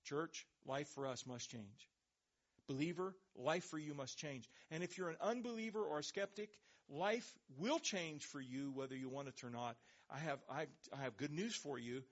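A pastor delivering a sermon in a slightly raised voice. He leans into words for emphasis, stretches them out slowly and lets his voice sink low as each point closes. The recording sounds dull and lo-fi. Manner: emphatic preaching, slows and drops low on key words.

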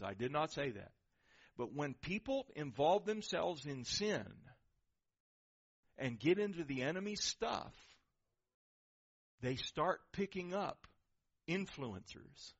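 A man, a pastor, preaching an animated sermon in church and acting out quoted voices. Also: on the high side, lo-fi sound.

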